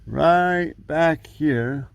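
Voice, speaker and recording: A man's voice: on the high side, drawn-out words, vocal fry, smooth, dry recording, highs cut off. A man, a farmer talking casually to the camera outdoors with dry, sarcastic humor. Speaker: farmer vlogger. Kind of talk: casual vlog walkaround. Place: outdoors on a farm. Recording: faint outdoor noise.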